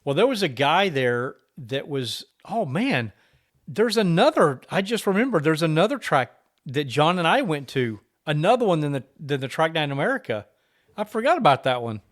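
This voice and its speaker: A man's voice: on the high side, sing-song, normal speed. A man co-hosting a casual podcast, telling a long anecdote and acting out the quoted exchanges with other drivers. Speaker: podcast co-host. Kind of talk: casual storytelling chat.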